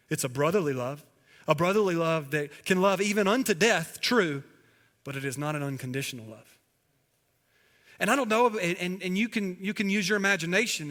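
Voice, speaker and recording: A male pastor preaching from the pulpit, his fairly high voice hanging in the long reverb of a big church hall. He moves from loud, pressing emphasis to hushed, quiet lines, and he voices the quoted dialogue in a softer tone. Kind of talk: sermon. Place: church sanctuary.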